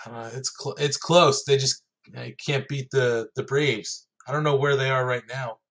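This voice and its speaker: A man co-hosting a casual podcast in a mid-pitched, ordinary voice. He talks in quick banter, laughing often and swearing freely. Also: fairly even intonation, fairly bright tone. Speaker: podcast co-host. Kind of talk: casual chat.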